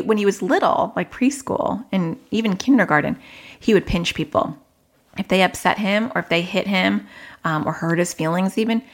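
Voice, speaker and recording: A woman in her thirties telling a frank, reflective story about her own parenting, often quoting what she said. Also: lowish voice. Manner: frank, reflective, quotes herself in dialogue. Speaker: parenting podcaster. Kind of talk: candid personal storytelling.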